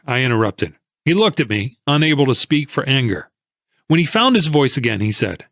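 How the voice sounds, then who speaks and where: A man's voice: on the high side, sing-song, moderate pace, fairly bright tone, no echo, studio quality. A man narrating an audiobook in the first person, telling the story expressively.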